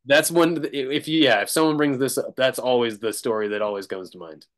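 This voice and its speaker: A man's voice: medium pitch, a little fast. A man, a drummer as guest, telling a rambling story in casual chat, laughing and restarting often.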